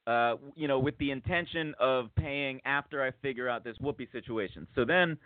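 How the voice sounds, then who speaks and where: A male podcast host tells a story in a loose, rambling way, restarting sentences as he goes. His voice sits at an ordinary pitch. The sound is thin and phone-like, with no room echo at all. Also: moderate pace. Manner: rambling, lots of restarts, acts out quotes. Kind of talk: casual storytelling chat. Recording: tinny phone-like dry sound.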